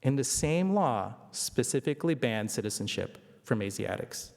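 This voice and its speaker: A man's voice: medium pitch, expressive, moderate pace, gravelly, a little mellow. A man giving a conversational history lecture at a symposium, often asking the audience rhetorical questions. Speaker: symposium speaker. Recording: long hall reverb.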